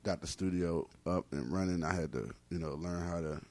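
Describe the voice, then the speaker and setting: A man guesting on a podcast as a battle rapper, talking in a relaxed, filler-heavy way. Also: low voice, brisk, dry recording. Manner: laid-back, filler-heavy talk. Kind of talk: casual podcast interview.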